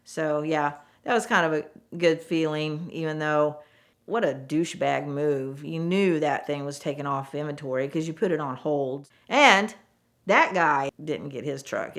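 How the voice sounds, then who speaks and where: A middle-aged woman, a former car saleswoman, telling frank stories in a chatty, animated way and acting out the voices of the people in them. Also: low voice, unhurried. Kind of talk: casual storytelling interview.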